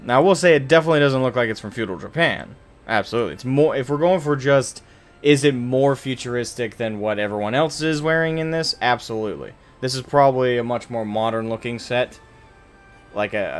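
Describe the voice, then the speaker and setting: A man streaming a game live, chatting casually with viewers, rambling and correcting himself as he jokes with the chat. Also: medium pitch. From United States.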